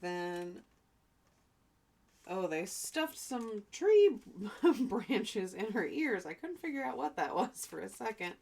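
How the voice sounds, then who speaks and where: A woman teacher reads a storybook aloud for young children at an unhurried pace. She stops often for chatty asides and to explain words. Her pitch rises and falls in a lively, expressive way. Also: vocal fry. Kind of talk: reading a picture book aloud to young children.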